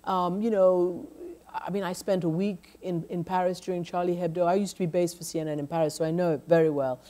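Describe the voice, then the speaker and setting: Emphatic woman journalist, lowish voice. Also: level tone, brisk, dark tone. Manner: emphatic, many restarts and "you know". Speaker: journalist, lecture guest. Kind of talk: onstage conversation.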